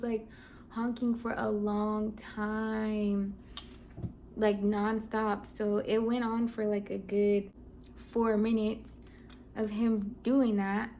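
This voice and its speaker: A young woman in her twenties vlogs a storytime in a casual, chatty way and fills her sentences with "like". Her voice sits slightly high. Faint background noise runs under her voice. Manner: casual, animated retelling with many "like"s. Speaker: vlogger. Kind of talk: storytime chat.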